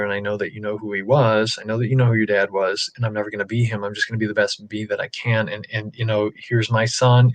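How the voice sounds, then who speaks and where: A man telling a personal story in a casual chat, rambling and animated, with many fillers. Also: lowish voice, no echo. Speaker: podcast guest dad. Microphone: live stream call.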